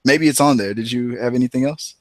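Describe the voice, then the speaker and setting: A man co-hosting a casual movie talk show, rambling and retelling scenes with animated quoted voices. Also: medium pitch, brisk, no room sound. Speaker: podcast co-host.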